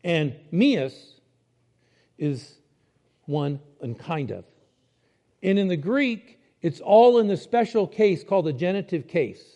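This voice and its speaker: A man delivers a sermon in a high voice that swoops and jumps animatedly. His tone is mellow rather than sharp. He keeps it conversational, breaking ideas down and asking his listeners rhetorical questions. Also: expressive, takes it slowly, long pauses. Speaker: preacher.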